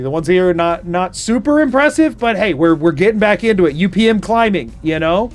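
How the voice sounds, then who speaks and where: A man's voice: high voice, faint music behind. A man streaming a video game live, reacting with playful mock outrage and chatting with his viewers. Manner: animated, mock outrage, quick asides to chat. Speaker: gaming streamer. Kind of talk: live gameplay commentary.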